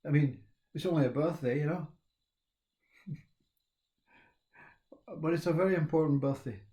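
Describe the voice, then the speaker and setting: A man, talking in a rambling, reflective monologue, laughing often and halting with fillers. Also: fairly high pitch, dark tone. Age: 60s.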